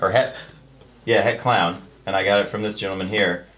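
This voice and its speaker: A man's voice: fairly low pitch, steady tone, brisk, a bit bright, highs cut off. A man hosting a casual round-table chat, easygoing and agreeable, often saying yeah.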